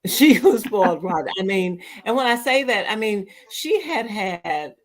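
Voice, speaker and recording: A woman hosting a podcast in casual chat, an animated storyteller who acts out the quotes. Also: mid-range voice, a little slow. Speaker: podcast host.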